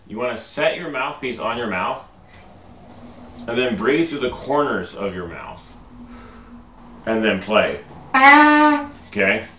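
Man, band teacher, patient step-by-step lesson, bright tone, faint background noise. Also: lowish voice, animated, takes it slowly, long pauses. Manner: patient, repeats "okay?" after each step. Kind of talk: instructional video lesson. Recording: roomy echo, distant mic, faint noise.

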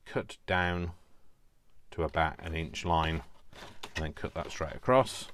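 Deep-voiced chatty Yorkshire man crafting. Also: unhurried, a bit bright. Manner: chatty, self-deprecating, talks to himself while working. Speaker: craft video host. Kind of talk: casual crafting tutorial.

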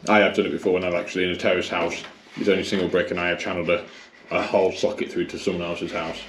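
Chatty electrician, lowish voice. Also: male voice, little pitch movement, very fast. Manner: chatty, thinks aloud, addresses viewers as guys. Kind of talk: casual explaining while working. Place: garage being converted to a kitchen, indoors. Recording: echoey room with faint noise.

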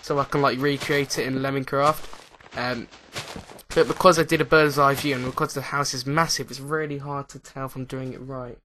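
A man's voice: medium pitch, fairly even intonation, moderate pace, sharp tone, a little hiss or hum. A young British man rambling casually as he plays and comments on a building game. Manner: rambling and chatty, thinking aloud while playing. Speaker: gaming channel host. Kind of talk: let's-play commentary.

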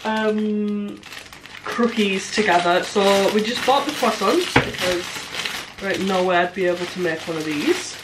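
A woman's voice: mid-range voice, a little slow, heavy background noise. A young woman chatting casually in her home kitchen, teasing and laughing often as she talks to her partner. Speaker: vlogger. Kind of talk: casual chat. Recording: echoey kitchen from a distance.

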